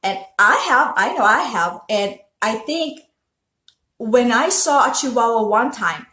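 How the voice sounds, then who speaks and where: A woman from the Philippines speaks with a Filipino accent, her voice sitting a bit high. She talks to her viewers in an earnest, chatty way, often restarting her sentences. The sound carries a noticeable room echo. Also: animated, unhurried, sharp tone. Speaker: host. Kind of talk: casual motivational talk to viewers.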